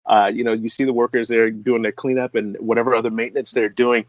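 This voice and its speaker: A middle-aged man from the American Midwest, a composer and voice artist telling a story as an interview guest, excitable and laughing often. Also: fast, no room sound. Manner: excitable, laughs often, jumps to high pitch when excited. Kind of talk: animated storytelling in conversation.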